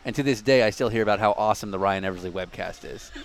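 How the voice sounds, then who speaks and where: A man's voice: fairly low pitch, quick pace, noisy background. Self-deprecating rambling man in his thirties. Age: 30s. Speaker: podcast host. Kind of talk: casual chat.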